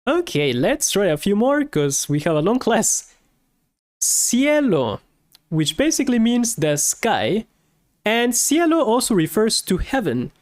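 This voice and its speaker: A woman teaching vocabulary, speaking slowly and patiently and repeating each word several times. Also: mid-range voice, big pitch swings. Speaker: Spanish teacher. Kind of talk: language lesson, slow repetition drills.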